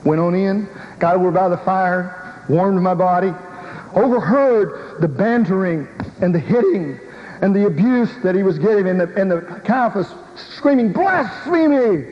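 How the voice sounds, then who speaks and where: Brief: high-voiced male preacher, emotional storyteller, echoing hall. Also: normal speed. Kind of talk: first-person dramatic sermon monologue. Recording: dull recording in a reverberant hall with faint hiss.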